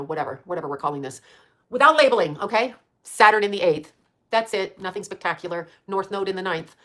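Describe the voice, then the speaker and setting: A woman's voice: lowish voice, a bit bright. A woman around sixty chatting casually on a livestream, rambling and blunt, swearing freely and laughing often as she answers her chat.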